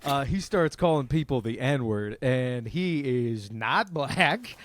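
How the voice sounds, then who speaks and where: A man, a comedian and podcast co-host, telling a profane story in lively casual chat. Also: mid-range voice, slow, a little hiss or hum. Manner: animated, profane, acts out other people's lines.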